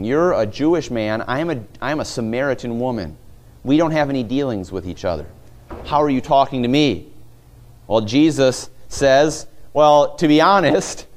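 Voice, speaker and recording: A male pastor preaching a sermon, retelling a story and acting out the voices of its people. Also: mid-range voice.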